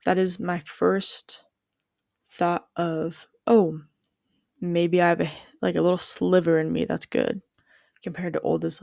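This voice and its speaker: A woman's voice: fairly low pitch, gravelly, dry recording, studio quality. A young woman telling a personal story and musing on whether she is a good person, rambling with plenty of "like" and restarts. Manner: rambling, heavy use of "like", frequent restarts.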